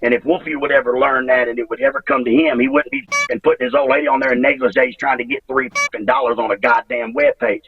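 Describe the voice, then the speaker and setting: A man in his fifties, a retired wrestler giving an interview, talking in a halting, emotional way, repeating himself and swearing freely. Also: mid-range voice, sing-song, gravelly, recorded from a distance, muffled recording, soft background music. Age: 50s. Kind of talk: emotional interview over a call.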